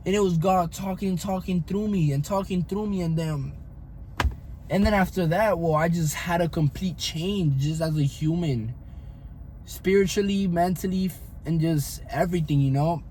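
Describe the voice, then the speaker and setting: A man's voice: high-pitched, normal speed, darkish tone, slight background noise. A young man telling his own faith story in an earnest, rambling way, often repeating himself. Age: young adult. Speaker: fitness coach vlogger. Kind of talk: personal faith testimony.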